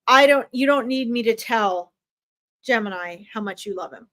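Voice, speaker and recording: A woman's voice: a little high, normal speed, fairly bright tone. A woman animal communicator giving an earnest, emphatic pet reading on a livestream, often repeating herself. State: tearing up.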